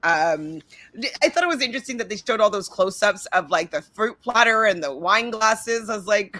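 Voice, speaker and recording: A woman's voice: medium pitch, animated, moderate pace, sharp tone, no echo. A woman hosting a casual reality TV recap, chatty and giggly, talking to her live chat. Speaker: podcast host.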